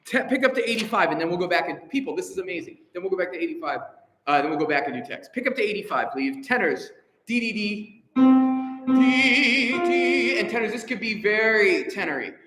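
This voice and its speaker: A man rehearsing a choir as conductor, coaching with energy, counting off and singing pitches to the singers. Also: lively intonation, fast, sharp tone, faint music behind. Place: rehearsal hall. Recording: echoey hall with long reverb.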